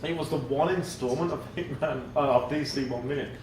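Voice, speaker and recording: An Englishman rambles through anecdotes, laughing often and swearing freely. His voice sits back from the mic in an echoey room, with clear noise underneath. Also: on the high side, a little fast, a little mellow, recorded from a distance. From England. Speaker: guest, comic writer. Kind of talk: casual storytelling chat. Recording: roomy, off-mic, noisy podcast.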